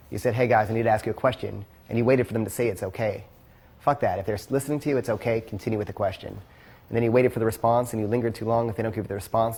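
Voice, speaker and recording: A man giving blunt, quick coaching feedback to a class, swearing freely. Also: on the low side, a little mellow. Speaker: pickup coach.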